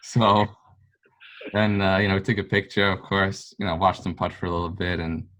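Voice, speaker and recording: A man's voice: deep voice, little pitch movement, fast, pushed and bright. A man, a golf fan, telling a long story in casual chat, rambling with lots of fillers. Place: local pub.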